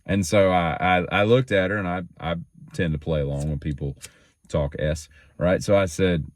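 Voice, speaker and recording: A man's voice: low voice, steady tone, normal speed, no echo. A man hosting his own daily show, telling rambling stories in a casual, joking, self-teasing way that wanders off topic.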